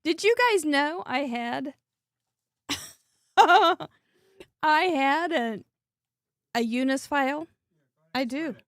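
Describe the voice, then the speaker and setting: A woman's voice: sits high, very slow, long pauses, a bit bright, no room sound, clean studio sound. A woman hosting a live crafting show, chatting in a bubbly way and laughing often while she works. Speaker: host. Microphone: headset earbud.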